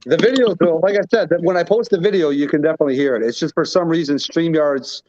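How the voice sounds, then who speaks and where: A man joining a live stream as a guest, relaxed and going into detail about car specs. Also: on the high side, fast, a little hiss or hum. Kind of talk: casual chat. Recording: dry lo-fi stream audio.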